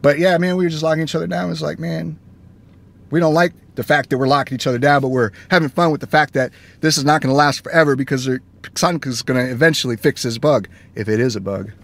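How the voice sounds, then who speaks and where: A man chatting casually from his car while driving, telling stories in an animated way and acting out both sides of each exchange. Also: a little high, fast talker, vocal fry. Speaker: gaming vlogger. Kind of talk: casual chat. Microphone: phone camera. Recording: faint road noise inside a moving car. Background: faint car and road noise.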